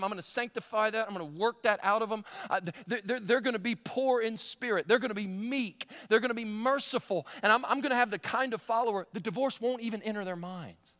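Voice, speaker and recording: A man's voice: high voice, sharp tone, in a large hall. A male pastor preaching a sermon in a conversational way, often repeating words and chuckling.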